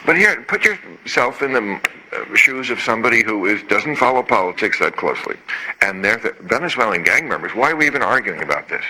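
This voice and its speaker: Male talk show host, comic and sarcastic, lively pitch. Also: a little fast, poor audio. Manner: sarcastic, punchy, swearing for emphasis. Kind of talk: comic political commentary.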